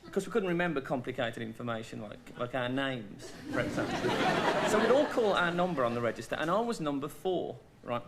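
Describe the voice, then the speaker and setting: A man with a Black Country accent, a guest comedian on a television talk show, telling deadpan anecdotes with quick punchlines. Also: medium pitch, very noisy. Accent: Black Country English. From West Midlands of England. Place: television studio with audience.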